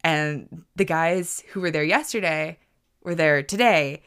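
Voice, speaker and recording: A woman spins a casual podcast story in a somewhat low voice, rambling along and gushing over the details. Her talk is loose and chatty, peppered with "like" fillers as she goes. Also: unhurried, a bit bright, clean tone. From United States. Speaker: podcast host.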